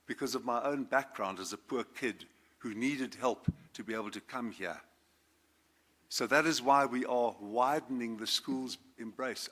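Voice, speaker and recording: A South African man in his seventies, a former judge, giving a formal speech to a school assembly. He speaks in a measured, formal way and lifts his voice on key words. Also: medium pitch, fairly bright tone. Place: school assembly, speaker standing before students.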